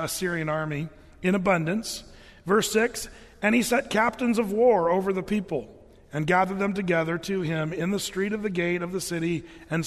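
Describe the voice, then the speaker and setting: A man's voice: high-pitched, big-room sound. A man preaching a sermon, explaining scripture in a casual, joking way with playful asides. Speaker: pastor.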